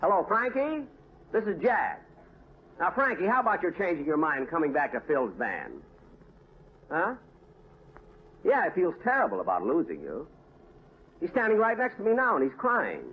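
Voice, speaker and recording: An actor playing an exasperated, wisecracking comedian who talks in a dry, sarcastic deadpan on an old radio comedy broadcast. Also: male voice, fairly high pitch, moderate pace, long pauses, a little hiss or hum. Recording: tinny old radio broadcast with studio audience.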